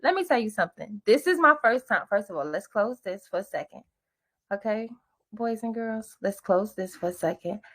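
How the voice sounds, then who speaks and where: A woman's voice: mid-range voice, lively intonation, moderate pace, a bit bright. A woman hosting a webinar, talking in a hype, casual way with slang and call-and-response greetings, over a computer mic on a video call. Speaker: webinar host. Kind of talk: lively webinar presentation.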